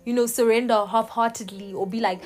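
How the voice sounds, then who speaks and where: A woman speaking in a fairly high voice, earnestly encouraging her listeners in a devotional podcast talk. She moves through her message in short, unhurried phrases with pauses, while soft music plays faintly behind her. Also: steady tone.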